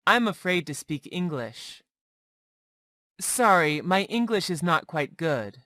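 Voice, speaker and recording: A woman reads learner phrases one by one at an unhurried pace. Her pitch moves a lot between lines. The sound is close and dry, with no room around it. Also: sing-song, a bit bright, dry recording. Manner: slow, deliberate drill reading, one phrase at a time. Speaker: English teacher. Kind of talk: reading practice phrases for learners.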